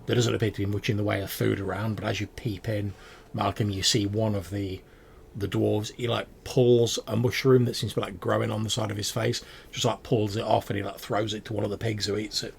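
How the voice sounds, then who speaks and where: Male game master, gravelly voice, meandering narration, faint hiss behind. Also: on the low side, level tone, fairly quick. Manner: rambling, filler-heavy description.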